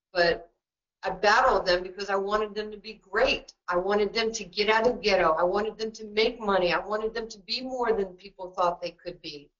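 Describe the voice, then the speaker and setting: A woman's voice: medium pitch, a bit bright. Blunt joking New York woman. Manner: blunt, joking, quick storytelling with asides. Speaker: basketball coach and guest speaker. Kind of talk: webinar talk. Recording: dull lo-fi webinar audio.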